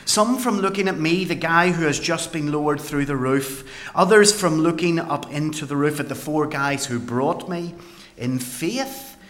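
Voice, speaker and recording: A man performing a dramatic first-person Bible monologue as a paralysed man healed by Jesus, with earnest storytelling and dramatic pauses. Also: a little high, a bit bright. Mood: tense.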